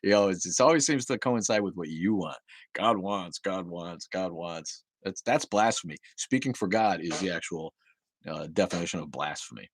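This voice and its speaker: A man's voice: low-pitched, animated, fairly quick, breathy edge, no echo. A man hosting a casual livestream, reading out viewer comments and answering them with sarcastic, profane rants full of restarts.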